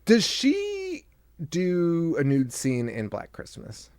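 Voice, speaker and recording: A man's voice: a little high, huge pitch swings, slow, darkish tone, clean tone, dry recording. Male podcast co-host, casual recap chat, laughs a lot, bouncy delivery, dry close-mic sound. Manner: joking, laughs often, acts out lines.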